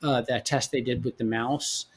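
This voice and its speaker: A man in his forties, a podcast guest, telling his own story in a halting way, often repeating words as he goes. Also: medium pitch, steady tone. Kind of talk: candid personal storytelling.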